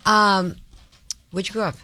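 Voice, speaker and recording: A woman's voice: medium pitch, fairly even intonation, measured pace, pushed and bright, no echo. A woman hosting a radio talk show, bantering with a guest in a teasing, playful way. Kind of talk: casual interview chat.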